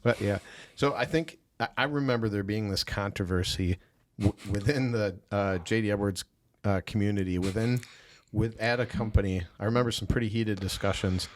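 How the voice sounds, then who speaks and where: A man from Wisconsin with a lowish voice hosts a podcast at a normal speed. In this conversational interview he muses through his questions hesitantly, restarting often.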